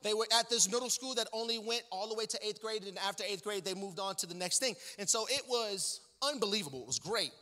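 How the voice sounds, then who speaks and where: Man, guest pastor, comic storyteller in a sermon; bright voice in an echoing sanctuary. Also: high-pitched, fast talker, few pauses. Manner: joking, conversational, many fillers. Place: church sanctuary. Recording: long church-hall reverb.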